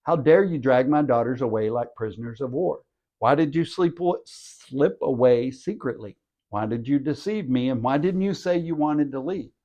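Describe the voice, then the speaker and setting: A man's voice: mid-range voice, mellow, muffled recording, natural voice. A man reading the part of an angry older father-in-law who accuses his son-in-law.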